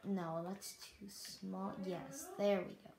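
A young Canadian speaker giving rambling, apologetic let's-play commentary while building in a survival game. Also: female voice, medium pitch, level tone, takes it slowly, creaky, a crowd in the background. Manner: rambling, self-deprecating, apologetic. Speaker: gaming YouTuber. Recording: echoey room with faint noise.

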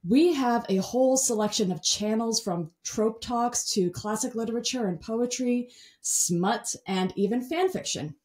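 A bubbly young woman hosts a casual podcast chat, laughing often between her sentences. Her voice sits a little higher than most. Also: a little slow, darkish tone. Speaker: podcast host.

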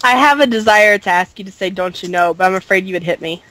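A woman on a podcast panel speaking earnestly and haltingly, restarting her phrases. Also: medium pitch, animated, noisy background. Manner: earnest, hesitant, many restarts. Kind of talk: casual chat.

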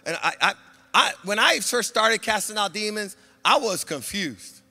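A man preaching a sermon in a high, bright voice, moving between loud exhortation and quiet confiding talk. His voice rings out with the long reverb of a large hall. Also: lively intonation, moderate pace, vocal fry. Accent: Southern Californian. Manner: swings from shouting to a soft, low confiding tone. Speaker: pastor.

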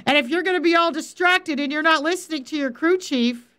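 A woman's voice: high voice, brisk, sharp tone. A middle-aged woman, a faith coach, giving a Bible teaching on a livestream and talking firmly and directly to viewers in the chat. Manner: direct, firm, talks straight to viewers in the chat.

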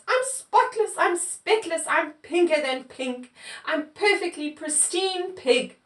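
High, slow-reading woman storyteller. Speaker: children's story reader. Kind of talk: reading a picture book aloud to children. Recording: echoey room, mic far off.

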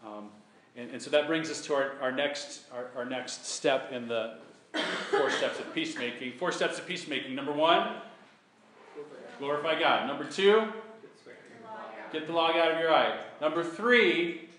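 A man's voice: a little high, normal speed, a bit bright, roomy sound. A man preaching a sermon as a pastor, earnest, repeating his key points and acting out sample apologies. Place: church sanctuary.

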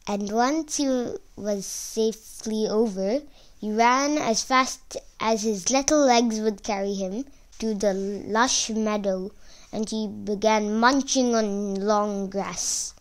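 A woman narrating a fairy tale aloud for children, reading slowly and with expression. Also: medium pitch. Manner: slow, expressive read-aloud. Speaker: storyteller. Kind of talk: storybook narration.

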